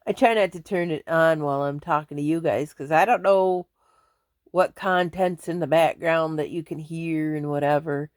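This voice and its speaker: A woman's voice: low-pitched, normal speed, no room sound, studio quality. A woman chatting casually to her viewers from home, rambling and laughing often. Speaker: vlogger. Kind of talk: casual chat to camera.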